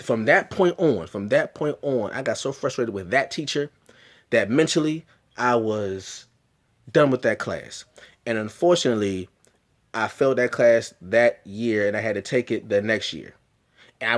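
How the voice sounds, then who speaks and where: A man's voice: medium pitch, lively intonation, normal speed. Earnest man telling a personal story. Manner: earnest, emphatic, frequent restarts and repetitions. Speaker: vlogger.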